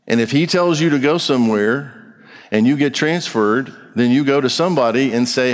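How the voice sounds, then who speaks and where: A man's voice: mid-range voice, animated, moderate pace. Blunt male pastor preaching in a hall. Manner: direct, blunt, conversational preaching with rhetorical questions. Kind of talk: sermon. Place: church sanctuary. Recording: long reverb of a large hall.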